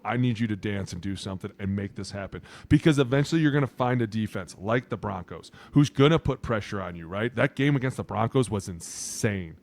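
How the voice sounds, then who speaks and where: A man co-hosting a football podcast as a former lineman, talking bluntly and animatedly. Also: mid-range voice. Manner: blunt, animated, acts out quotes. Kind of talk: casual sports talk.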